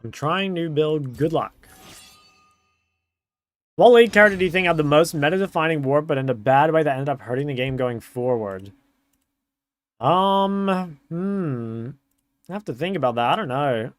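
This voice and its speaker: A man's voice: a little high, expressive, normal speed, long pauses. A young man streaming, chatting casually and answering chat in a laid-back way.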